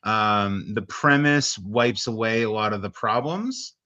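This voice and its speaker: A man's voice: fairly low pitch, unhurried, bright, forceful tone, dry recording. A man co-hosting a podcast in casual chat, blunt and profane, rambling with lots of fillers. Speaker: podcast co-host.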